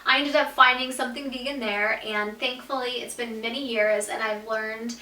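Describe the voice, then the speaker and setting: Bright, animated young woman telling a story. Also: fairly high pitch, normal speed, roomy sound, distant mic. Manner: animated, swearing, lots of "like", laughs through story. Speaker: vlogger. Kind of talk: storytime vlog.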